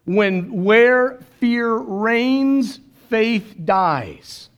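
A man's voice: very high-pitched, animated, drawn-out words, a bit bright, smooth. A man preaching a sermon as pastor, earnest and emotional, telling stories and quoting others. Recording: dull lo-fi sermon recording.

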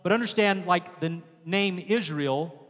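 A man's voice: high-pitched, measured pace, fairly bright tone, big-room sound. A man preaching a sermon, reading scripture aloud and breaking off for casual asides. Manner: conversational asides between reading, occasional fillers and restarts. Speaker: pastor.

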